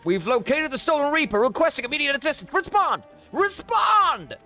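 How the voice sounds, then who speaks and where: A woman voicing an excitable young male engineer in a squealing high voice. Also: moderate pace, soft background music, heavily acted. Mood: urgent. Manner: shrill, squealing.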